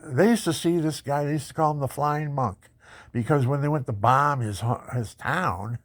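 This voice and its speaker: A man telling his life story in a personal testimony, animated and boastful, laughing often. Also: fairly high pitch, normal speed, no room sound.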